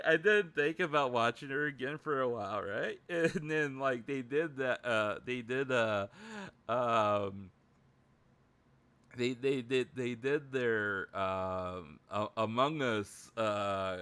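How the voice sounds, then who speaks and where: A man's voice: medium pitch, takes it slowly, sharp tone, clear, resonant tone, dry recording. A man hosting a casual livestream chat, rambling with lots of filler words. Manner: rambling, heavy use of fillers. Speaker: livestream host.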